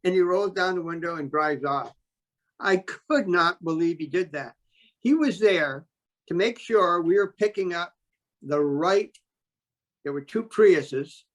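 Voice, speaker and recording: A man telling a story as an interview guest, talking in a blunt, animated way and swearing freely. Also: high-pitched, unhurried. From New York State. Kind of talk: casual storytelling.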